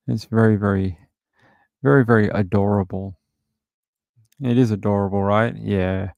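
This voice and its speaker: A man's voice: on the low side, gravelly, darkish tone, no room sound, studio quality. A man hosting a livestream, casually chatting and rambling with many filler words as he reads out viewer comments. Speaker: livestream host.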